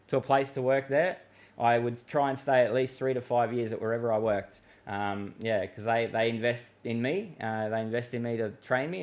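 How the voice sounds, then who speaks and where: A man's voice: mid-range voice, a little mellow. A middle-aged Australian man hosting a live weather stream, chatting loosely with viewers and rambling through many fillers and restarts. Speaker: weather livestream host. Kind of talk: casual live chat reading viewer comments.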